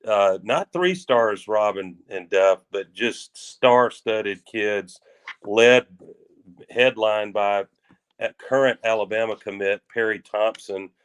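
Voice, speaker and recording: A man co-hosting a sports talk show, rambling in a folksy way with drawn-out phrases and restarts. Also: lowish voice, clear, resonant tone. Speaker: sports radio co-host.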